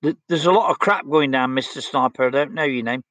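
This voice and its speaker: A blunt English livestream host in his 60s speaks fast in a mid-range, slightly bright voice, with no room sound in the recording. He chats casually and outspokenly while reading viewer comments from his stream.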